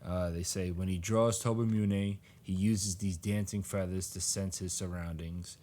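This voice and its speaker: A man's voice: deep voice, steady tone, a little slow, mellow. A man co-hosting a podcast, casually recapping a manga chapter and acting out the characters' lines with laughter. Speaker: podcast co-host.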